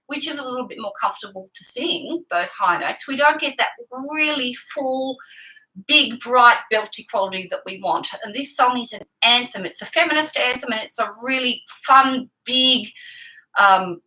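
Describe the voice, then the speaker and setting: A woman teaching singing, with a bright, ringing tone and a voice set a little high. She walks through vocal technique patiently and clearly, step by step. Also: expressive, moderate pace, low-quality recording. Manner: explains clearly and patiently, with sung examples. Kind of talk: vocal lesson with sung demonstrations.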